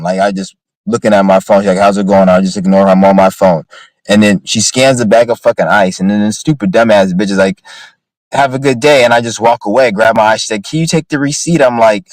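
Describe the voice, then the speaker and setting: A man's voice: fairly low pitch, dry recording, low-quality recording. A man ranting angrily to his phone camera about a store clerk, swearing constantly and repeating himself. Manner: profane, ranting, repetitive. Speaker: vlogger. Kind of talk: angry rant to camera.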